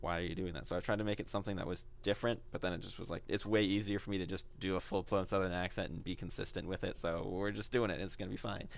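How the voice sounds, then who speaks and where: Deep gravelly man talking shop. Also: fairly even intonation, quick pace, few pauses. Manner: rambling, self-deprecating, quotes his own thoughts aloud. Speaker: game master, podcast co-host. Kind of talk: casual podcast chat.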